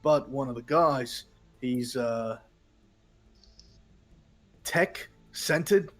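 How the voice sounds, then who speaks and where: A wary masked fixer, played by a man in a tabletop game. He talks loosely and haltingly, with plenty of fillers and the odd curse. The voice is an ordinary male tone. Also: medium pitch. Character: wary male fixer in a mask, a bit rough.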